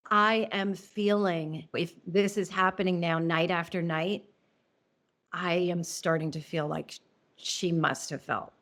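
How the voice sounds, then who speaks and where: A middle-aged woman, an interview guest telling a personal story, earnest and emotional, halting and restarting often. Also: fairly low pitch, fairly bright tone. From New Orleans.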